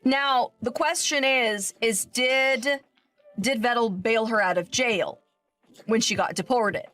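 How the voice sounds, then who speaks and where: A woman's voice: fairly high pitch, slow, a bit bright. A woman chatting casually, joking that she is being ignored. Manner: mock-aggrieved, joking about being ignored. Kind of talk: casual chat.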